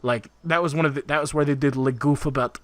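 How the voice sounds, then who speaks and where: A man's voice: on the high side, fairly even intonation, fast talker, no echo. A man co-hosting a casual video game podcast, rambling with lots of laughs and filler words. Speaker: podcast co-host. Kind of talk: casual chat about video games.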